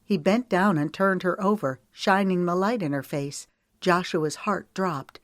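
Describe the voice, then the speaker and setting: A woman narrating an audiobook in a steady, measured storytelling manner. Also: fairly low pitch, no echo, clean studio sound.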